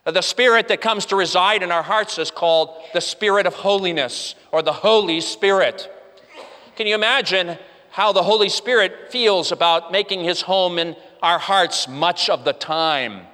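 Speaking high and bright at a moderate pace, a man delivers a forceful, earnest sermon to his congregation. His voice rises and falls, he keeps restarting with "uh," and long hall reverb fills the recording.

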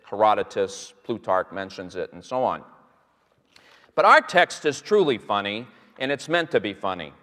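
Guy giving a bible lecture, pitch bouncing all over, big hall echo, lots of uh and you know. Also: moderate pace. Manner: animated storyteller, many fillers and restarts. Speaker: Bible teacher. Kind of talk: lecture to a live audience. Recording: long hall reverb.

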